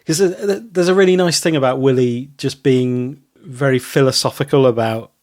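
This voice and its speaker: A man co-hosting a podcast in casual chat, rambling and pausing on many ums. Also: mid-range voice, darkish tone, no echo, studio quality. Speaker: podcast co-host.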